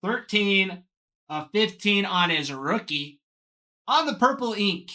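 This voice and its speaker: A man's voice: high-pitched, expressive, slow, bright, forceful tone. A man hosting a live card box break, talking to viewers by name and gushing over each card.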